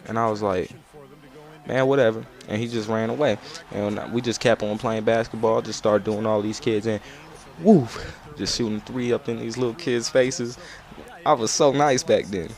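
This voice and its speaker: A man's voice: lowish voice, steady tone, moderate pace, a little mellow. A young man, telling a loose, rambling childhood story as casual gameplay commentary. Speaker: gaming commentator.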